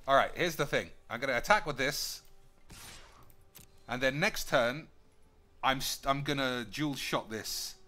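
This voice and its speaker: A man's voice: medium pitch, a little slow, pauses often, pushed and bright. A man with a London accent, a streamer thinking aloud over a card game in casual, joking commentary and swearing freely. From United Kingdom.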